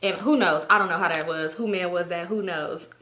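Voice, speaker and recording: A woman casually telling a storytime to viewers, chatty and animated, speaking straight to them and acting out what her friends said. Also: lowish voice, a little fast. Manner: acts out friends' lines in shifting voices. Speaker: storytime YouTuber.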